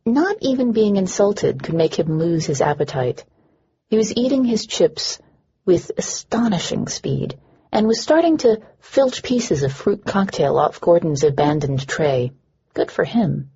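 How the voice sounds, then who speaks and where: Husky woman narrating an audiobook dryly. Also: lowish voice, expressive, measured pace, dark tone, highs cut off. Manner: dry, wry. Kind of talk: first-person audiobook narration.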